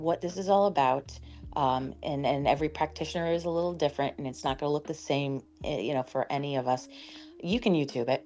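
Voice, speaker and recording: Low gravelly-voiced woman, animated storyteller. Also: dull audio. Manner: animated storyteller, acts out quoted dialogue. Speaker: sound practitioner guest. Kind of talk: casual interview talk.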